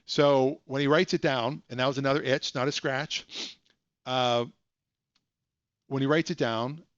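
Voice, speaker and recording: A man's voice: mid-range voice, steady tone, measured pace, dry recording, highs cut off. A man hosting a live stream from home at his computer, telling a story with joking asides. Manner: chatty, self-deprecating, joking asides. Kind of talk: casual storytelling.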